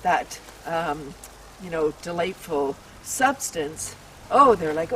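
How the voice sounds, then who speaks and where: A woman's voice: on the low side, expressive, moderate pace, fairly bright tone. A woman hosting an outdoor tour vlog in a maple forest, bubbly and exclaiming, laughing often and leading breathing exercises. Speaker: host. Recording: distant mic, faint outdoor hum.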